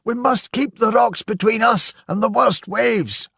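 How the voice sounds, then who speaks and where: A man voicing a lighthouse keeper father calling orders at the oars, high and urgent. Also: measured pace, vocal fry, a bit bright, breathy edge, dry recording, exaggerated voice.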